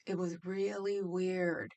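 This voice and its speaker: A woman's voice: fairly low pitch, little pitch movement, slow, a little mellow. A woman chatting casually on a live stream, rambling, laughing easily and talking to viewers in the chat.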